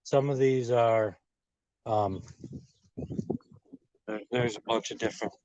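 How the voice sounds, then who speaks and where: A man's voice: mid-range voice, steady tone, slow pace, darkish tone, dry recording. Rambling man on a dull lo-fi garden stream. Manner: rambling, chatty, addresses viewers directly. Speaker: garden channel host. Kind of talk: casual live-stream garden tour. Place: outdoor home garden. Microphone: phone or camera on a tripod, then handheld while walking.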